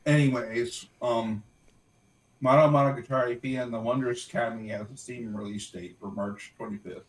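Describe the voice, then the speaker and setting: A man's voice: mid-range voice, steady tone, normal speed, echoey room, recorded from a distance, low-quality recording. A man co-hosting a casual gaming podcast, rambling and correcting himself as he talks about game news. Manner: rambling, self-correcting, laughs at own jokes. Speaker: podcast co-host. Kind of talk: casual livestream chat.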